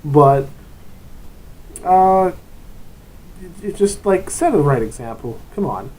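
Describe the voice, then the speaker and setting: Rambling man with a higher voice. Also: expressive, slow pace, a little mellow, low-quality recording. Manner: rambling and digressive, often breaking into short put-on voices. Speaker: tabletop RPG vlogger and game master. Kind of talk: casual advice monologue.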